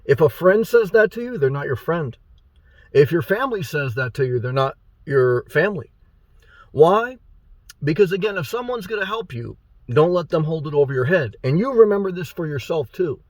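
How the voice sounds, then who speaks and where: A man's voice: fairly high pitch, animated, moderate pace, no echo. A man giving a rambling, blunt and profane monologue to his viewers as a motivational YouTuber.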